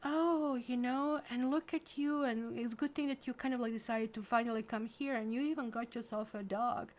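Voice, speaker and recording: A woman's voice: on the high side, steady tone, moderate pace, voice pushed up, natural voice. An accented woman imitating a nosy woman stranger who asks intrusive questions in a gushing tone. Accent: non-native English accent.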